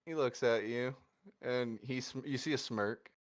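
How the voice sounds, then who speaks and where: A man narrating a tabletop role-playing game as game master, in a relaxed, halting way. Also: medium pitch. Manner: relaxed, halting, full of restarts.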